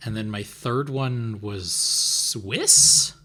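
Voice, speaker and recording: A man's voice: on the low side, very slow, pushed and bright. A man co-hosting a podcast, rambling casually with many fillers. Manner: rambling, lots of "like" and "um". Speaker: podcast co-host. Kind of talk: casual chat.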